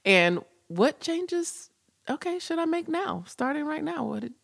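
A woman's voice: high voice, big pitch swings, unhurried, gravelly. A woman hosting a podcast in casual chat, enthusiastic and exclamatory. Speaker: podcast host.

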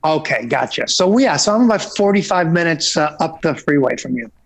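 A man who is a rock singer, chatting as an interview guest. His voice sits high for a man. He talks easily but haltingly, often restarting and poking fun at himself. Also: animated, vocal fry. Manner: easygoing, halting, self-deprecating. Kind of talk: casual interview chat.

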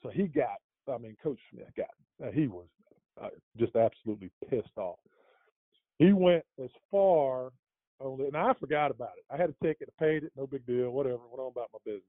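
A man's voice: mid-range voice, animated, fairly quick, no echo. A middle-aged man telling a long anecdote in a casual interview, rambling with lots of fillers and restarts and chuckling as he goes. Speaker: interview guest. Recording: dry, tinny phone-like line.

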